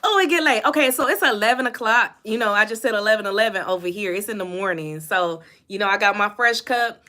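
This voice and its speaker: A woman's voice: medium pitch, fast, bright, forceful tone. A young woman, hosting a casual livestream on her phone, chatting and reading out viewer comments. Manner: chatty, answers viewer comments, laughs often. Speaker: host.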